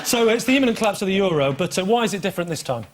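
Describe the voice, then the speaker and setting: A man's voice: sits high, lively intonation, very fast, heavy background noise. A man hosting a comic panel show, cracking jokes and laughing at his own gags.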